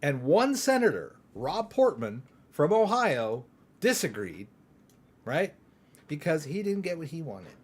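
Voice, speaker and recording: Middle-aged guy from texas doing a live crypto q&a, kinda high voice, chatty and rambly. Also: very animated, unhurried, husky. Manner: chatty, rambling, keeps asking "right?". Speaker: crypto channel host. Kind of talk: live stream Q&A chat.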